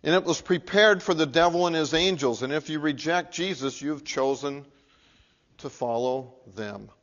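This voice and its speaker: A man preaching a Sunday sermon, his fairly high voice coming through a muffled, lo-fi recording. He talks earnestly and swings between emphatic, raised points and low, hushed appeals to the congregation. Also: normal speed. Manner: earnest, building to emphatic peaks then dropping low and quiet. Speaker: pastor. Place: church sanctuary.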